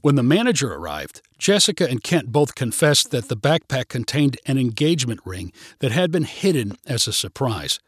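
A man narrating a short story in a clear, steady storytelling voice. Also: mid-range voice, normal speed, few pauses, no room sound, studio quality.

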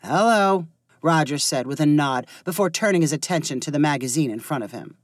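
A woman narrating a story aloud in an expressive reading voice. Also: low voice, fast, no echo, clean studio sound.

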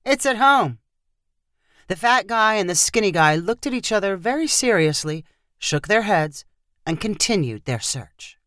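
A woman narrating a short fiction story with steady, expressive storytelling. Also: mid-range voice, moderate pace, no echo, studio quality.

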